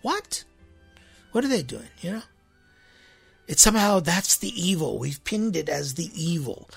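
A man serving as a church priest delivers a sermon in an easy, conversational way, circling back and repeating himself. His voice is gravelly and husky. Faint music is heard in the background. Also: a little high, very animated, moderate pace. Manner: rambling, repeats himself, rhetorical "right?" asides.

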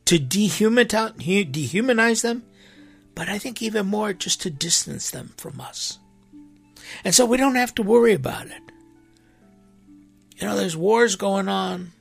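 A man who preaches speaks earnestly in an impassioned, conversational way, his high voice gravelly and husky with no echo. He leans into emphatic, animated rises and slips into quoted voices.

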